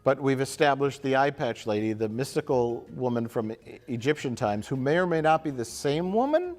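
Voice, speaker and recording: Animated laughing man reviewing films. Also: medium pitch, brisk. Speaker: podcast co-host. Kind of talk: casual movie review chat.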